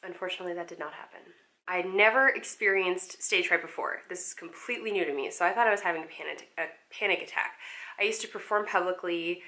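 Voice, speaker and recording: Chatty, self-mocking young woman vlogger, bright voice. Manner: chatty, self-mocking, jumps into high playful voices for quotes. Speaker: actress and vlogger. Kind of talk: casual storytelling vlog with acted quotes.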